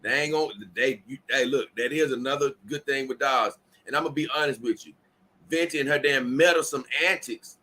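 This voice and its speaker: This livestream host sounds pushed and bright, his medium-pitched voice moving briskly. He's a tired man running a casual stream, reading out viewer comments and rambling with plenty of repeats and restarts.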